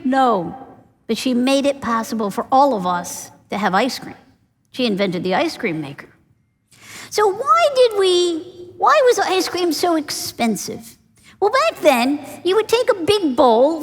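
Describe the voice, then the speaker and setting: A woman's voice: high voice, big-room sound. A woman giving a business conference keynote, telling stories with rhetorical questions and stressed words. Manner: storytelling with rhetorical questions and emphasis. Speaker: keynote speaker. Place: large conference hall.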